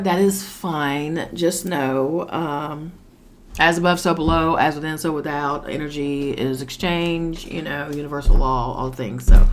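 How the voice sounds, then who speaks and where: Low-voiced woman with a cold doing a chatty tarot reading, kinda sassy, bit of faint room noise. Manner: chatty, sassy, swears casually. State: sick with a cold. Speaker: tarot reader. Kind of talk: casual tarot reading monologue.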